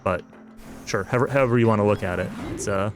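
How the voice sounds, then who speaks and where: A man's voice: lowish voice, fast talker. A man streaming a casual playthrough, talking through his thoughts with lots of fillers and hedges, and now and then dry sarcasm. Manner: rambling and hedging, with frequent fillers; dry, self-aware sarcasm. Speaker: let's-play streamer. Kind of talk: casual gameplay commentary. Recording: game music playing behind the voice.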